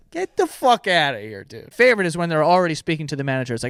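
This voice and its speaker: Sarcastic guy with a high voice ranting on a podcast, dry close sound. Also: big pitch swings, fairly quick, a bit bright, no room sound. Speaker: podcast host. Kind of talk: casual podcast rant.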